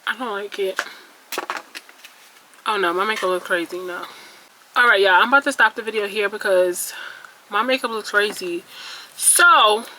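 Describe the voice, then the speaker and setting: A woman's voice: mid-range voice, moderate pace, pauses often, pushed and bright, a little hiss or hum, low-quality recording. A young woman, chatting casually and venting candidly to her viewers while doing her makeup at home. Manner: candid, venting, self-mocking, exclamatory. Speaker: beauty vlogger. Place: indoors at home, near a ring light.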